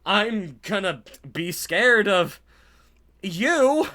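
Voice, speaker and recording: A man's voice: sits high, animated, extremely slow, bright, forceful tone, exaggerated voice. A man doing a snide, cocky young wrestler. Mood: mocking.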